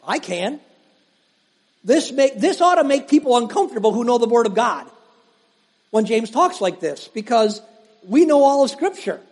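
A male pastor with a very high voice preaches a sermon. He leans on slow, emphatic pauses, then rushes through quick asides. The sound rings with the long reverb of a large hall. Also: sing-song, darkish tone, slightly rough.

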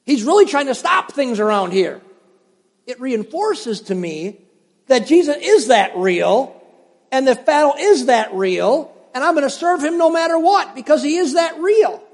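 A man's voice: extremely high pitch, sing-song, unhurried, in a large hall. An older man preaching a sermon as pastor, emphatic and repeating phrases for stress while addressing the congregation directly.

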